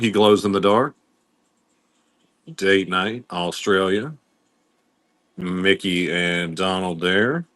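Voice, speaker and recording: Male live-sale host, low voice, easygoing patter greeting viewers, dry close sound. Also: fairly bright tone, no room sound. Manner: welcomes viewers by name while listing items. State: coughing now and then. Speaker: livestream seller host.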